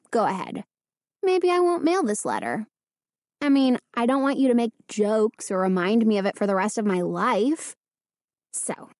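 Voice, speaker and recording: A woman voicing a frightened, excitable teenage girl who talks in quick startled bursts. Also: on the high side, no room sound, clean studio sound.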